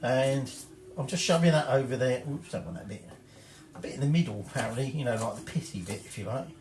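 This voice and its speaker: A man's voice: mid-range voice, quick pace, a little mellow. A man giving a casual cooking demonstration, chatty and rambling, correcting himself and swearing offhandedly. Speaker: home cook presenting a recipe. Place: home kitchen. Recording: echoey kitchen with clattering dishes.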